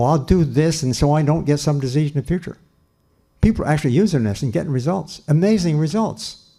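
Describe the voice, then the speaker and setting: Older male scientist lecturing; mellow, earnest, emphatic, repeats himself. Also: medium pitch. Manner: earnest, emphatic, repeats phrases with pauses and restarts. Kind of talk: public lecture.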